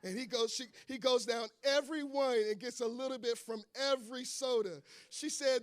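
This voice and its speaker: A preacher delivering a sermon, telling stories in a conversational way and building to emphatic declarations. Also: male voice, very high voice, moderate pace, hardly any pauses.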